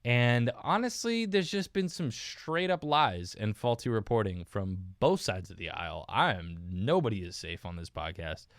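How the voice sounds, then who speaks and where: A young American man hosts his own solo podcast in a medium-pitched, sing-song voice at a normal pace with few pauses. He rambles and jokes at his own expense, calling listeners "dude" and "man" a lot. The recording is studio quality with no room sound.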